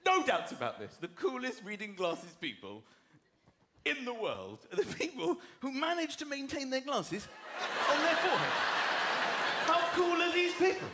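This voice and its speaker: High-pitched animated male stand-up comic. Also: normal speed, noisy background. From southern England. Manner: animated, mimics people and plays with voices. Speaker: stand-up comedian. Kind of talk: stand-up comedy routine. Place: large comedy venue with audience. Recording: echoey venue with loud crowd laughter.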